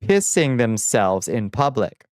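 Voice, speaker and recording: A man's voice: medium pitch, big pitch swings, takes it slowly, a little mellow, no echo. A man chatting on a casual livestream, reading chat aloud and answering in a chatty, sardonic way, on a close desk mic. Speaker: streamer.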